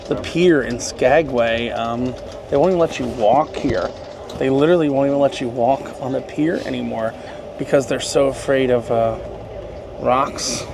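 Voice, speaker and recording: A man hosting a travel vlog, giving rambling, jokey walking-tour commentary outdoors on a cruise ship and in a small town. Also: sits high. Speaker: travel vlogger and host. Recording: noisy outdoor recording with passing vehicles.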